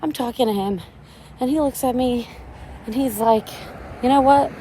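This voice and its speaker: A woman's voice: fairly high pitch, normal speed, dark tone, slight background noise. A young woman venting in a casual monologue, rambling and anxious, swearing often. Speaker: vlogger.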